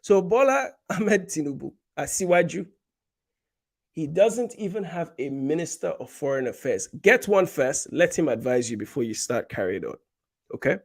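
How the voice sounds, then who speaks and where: A Nigerian man hosts a casual political commentary livestream, animated and hammering his points home through repetition. His fairly high, creaky voice moves at normal speed, full of fillers and restarts.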